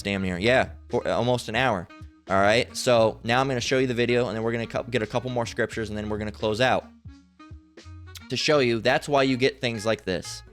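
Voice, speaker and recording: Man, mid-pitched, rambling and coarse preaching commentator. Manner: rambling, coarse, cursing ranter. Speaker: religious commentator. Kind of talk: preaching commentary over a played video.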